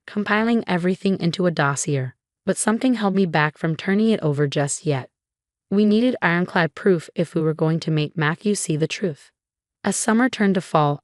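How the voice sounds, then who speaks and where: Low-voiced woman narrating drama stories. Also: no room sound, clean studio sound. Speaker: story narrator. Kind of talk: scripted narration.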